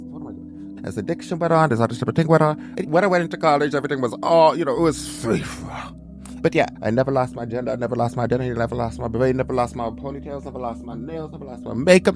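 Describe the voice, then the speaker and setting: Young man, American accent, lively swooping pitch, quick pace, faint music behind. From United States. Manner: animated, dramatic, leaps into high voices for quotes. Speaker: vlogger. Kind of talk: personal storytelling monologue.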